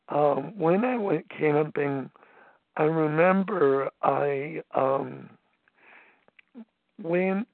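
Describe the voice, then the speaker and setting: A man in his seventies telling his recovery story at a phone meeting, halting, with many fillers and restarts. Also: on the high side, creaky, no room sound. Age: 70s. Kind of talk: personal testimony at a phone meeting. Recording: tinny phone line, dry.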